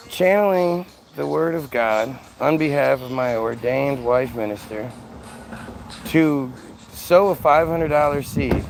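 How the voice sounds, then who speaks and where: A man's voice: on the high side, vocal fry, rough recording. A man hosting a livestream, talking casually in a sarcastic, mocking, profane way. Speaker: livestream host reading chat.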